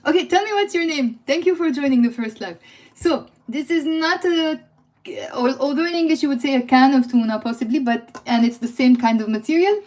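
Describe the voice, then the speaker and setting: A young woman with a Lebanese accent leads a live language lesson. She keeps asking her viewers questions and switches easily between Arabic and English. Her voice sits a little high. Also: darkish tone. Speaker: language teacher.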